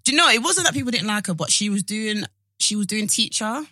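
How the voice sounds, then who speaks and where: A woman's voice: medium pitch, no echo, studio quality. A woman co-hosting a podcast, chatting casually and joking. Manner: lively, chatty, quick to joke. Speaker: podcast co-host. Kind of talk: casual chat.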